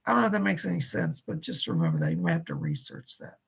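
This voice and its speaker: Very gravelly, husky male psychic host. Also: low-pitched, huge pitch swings, fast. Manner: chatty, addresses viewers by name, relays spirit messages. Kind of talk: live-streamed psychic readings.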